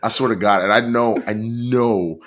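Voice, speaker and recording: Lower-voiced man ranting in animated stories. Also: normal speed. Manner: animated, profane storytelling with acted-out voices. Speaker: TV show reviewer. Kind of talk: casual review chat.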